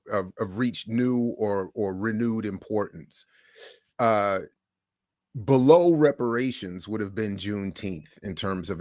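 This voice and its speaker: A middle-aged man hosting a livestream, telling stories in a casual monologue with animated swings between hushed and loud. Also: fairly low pitch, no echo, studio quality. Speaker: livestream host.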